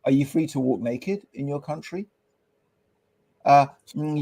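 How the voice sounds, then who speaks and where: A middle-aged man co-hosting a podcast in casual chat, animated and peppering his talk with "bro" and "right?". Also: medium pitch, a little slow, pauses often, breathy edge. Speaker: podcast co-host. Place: podcast studio.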